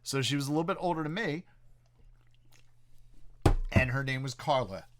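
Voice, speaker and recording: A man's voice: medium pitch, moderate pace, background noise. A middle-aged man with a Philadelphia-area accent, co-hosting a podcast and telling stories in a rambling, profane way full of fillers. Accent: Philadelphia-area American. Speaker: podcast co-host. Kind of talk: casual chat.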